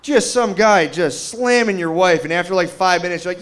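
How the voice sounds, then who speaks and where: A middle-aged man performs stand-up comedy in a relaxed, meandering way, slipping into little acted-out quotes. His voice sits somewhat high for a man. A faint hiss runs under the recording. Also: fairly quick. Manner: laid-back rambling storytelling with acted-out quotes. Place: comedy stage before a live audience.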